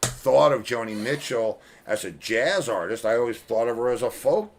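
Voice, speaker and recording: A man's voice: mid-range voice, normal speed. Older man hosting a rambling music chat. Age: 70s. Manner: rambling, swears freely, many restarts. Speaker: host. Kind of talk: casual chat.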